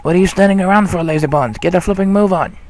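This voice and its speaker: A man voicing a gruff, bossy little male fairy in a game, talking in a cheeky, slangy way. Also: sits high, fast talker, a little mellow, natural voice.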